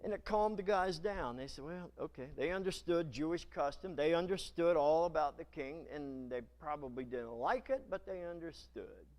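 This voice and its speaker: A male pastor preaching a sermon in a church, retelling scripture in a dramatic, animated storytelling manner. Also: on the high side, normal speed, few pauses.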